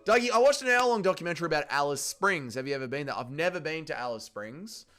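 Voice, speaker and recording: A man's voice: fairly high pitch, expressive, fast talker, fairly bright tone. A young Australian man hosting a livestream, chatting casually and reading chat messages in a rowdy, profane way. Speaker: livestream host. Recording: faint music behind.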